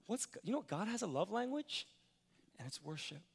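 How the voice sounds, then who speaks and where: A middle-aged man preaching a sermon as pastor, animated, moving from quiet, earnest passages to loud, excited ones. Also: high voice, moderate pace, gravelly, breathy edge. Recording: long reverb of a large hall.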